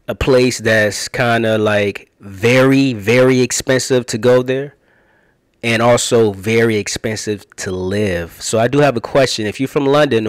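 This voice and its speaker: A man's voice: on the low side, no room sound, clean studio sound. A man from the United States talking casually as a travel vlogger, chatty and rambling with many fillers.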